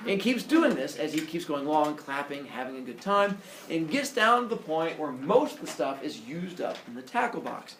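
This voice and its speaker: Animated teacher man telling a myth. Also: fairly high pitch, normal speed, slight background noise. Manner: jokey, animated, teasing the students. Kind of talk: animated storytelling to a class. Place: classroom. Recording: echoey classroom.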